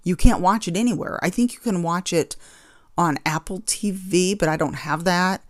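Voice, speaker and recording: A woman's voice: lowish voice, moderate pace, dry recording, studio quality. A woman hosting her own podcast, chatting casually and rambling, getting exasperated over small annoyances. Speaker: podcast host. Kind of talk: casual chat.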